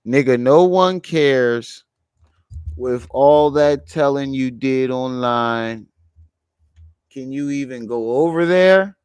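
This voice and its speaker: Slow, mocking reaction host. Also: male voice, medium pitch, a little mellow, smooth, no echo. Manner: mocking, laughs, slangy. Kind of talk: casual reaction commentary.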